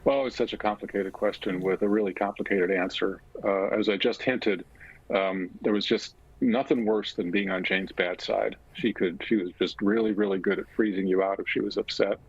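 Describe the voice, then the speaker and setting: A man talking as a guest in an interview, recounting a personal story in a halting, reflective way with frequent pauses. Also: on the low side, steady tone, slightly rough, no room sound, highs cut off. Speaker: guest author.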